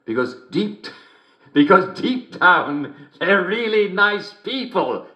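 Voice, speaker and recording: A giggling, cruel English TV host. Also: male voice, high-pitched, pushed and bright, lo-fi sound, heavily acted. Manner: jolly, giggling constantly between lines. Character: gleeful middle-aged male TV host, smugly cruel. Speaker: television host. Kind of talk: video game character performance. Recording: roomy echo.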